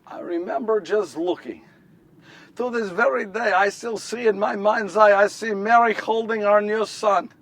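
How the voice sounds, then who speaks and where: A man's voice: sits high, steady tone, measured pace, a bit bright, distant mic, full character voice. A man performing a first-person monologue as Joseph, a nervous and earnest nineteen-year-old Jewish husband, telling his story in a wry, rambling way with repeated phrases. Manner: repetitive, wry storytelling with self-corrections. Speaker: solo stage performer. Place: live stage before an audience.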